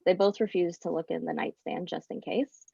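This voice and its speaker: A woman's voice: on the low side, fairly even intonation, normal speed, vocal fry, warm tone, a little hiss or hum. A woman improvising a story in a game with casual, giggly narration, over slightly muffled audio. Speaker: player.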